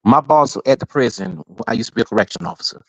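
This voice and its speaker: A man's voice: medium pitch, expressive, quick pace, gravelly, a bit bright, slightly rough, no room sound, poor audio. A man guest on a podcast, telling a story casually and laughing easily, heard over a remote call.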